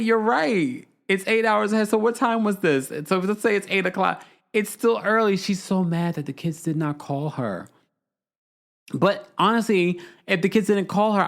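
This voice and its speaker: A man hosting a podcast, recapping a reality show in casual, gossipy chat with animated asides and laughs. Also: high voice.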